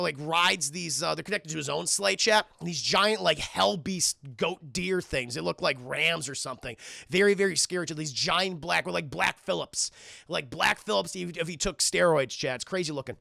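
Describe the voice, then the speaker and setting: A man streaming a casual film recap, animated and profane, constantly addressing his chat. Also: fairly high pitch, normal speed, creaky, dry recording.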